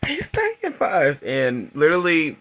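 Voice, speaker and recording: A man in his thirties giving a chatty, laughing movie recap and review, acting out characters' lines in a high voice. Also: huge pitch swings, a little slow, fairly bright tone, a little hiss or hum.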